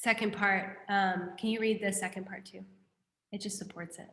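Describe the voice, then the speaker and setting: Here a woman instructs a class on a Buddhist text, keeping it lively and conversational while putting questions to the students. She speaks at normal speed in a mid-range voice, and the room reverberates.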